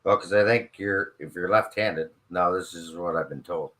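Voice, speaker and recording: A man's voice: deep voice, normal speed, a bit bright. A man co-hosting a livestream, chiming in with brief asides and agreement in casual chat.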